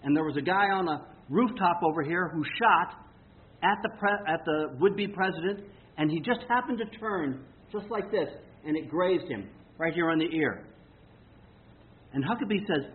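Preacher guy with a slightly high voice, keeps asking "okay?", tinny phone-like sound. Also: moderate pace. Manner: conversational, checks in with rhetorical "okay?"; emphatic, reads quotes aloud with dramatic stress. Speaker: preacher teaching on prophecy. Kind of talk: sermon-style Bible teaching.

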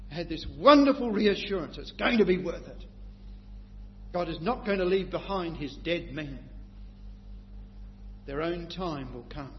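Impassioned high-voiced male preacher in a hall. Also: animated, unhurried, pauses often. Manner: impassioned, swings between quiet reflection and loud emphatic declaration. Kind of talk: sermon. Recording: lo-fi recording in a reverberant hall, faint hum.

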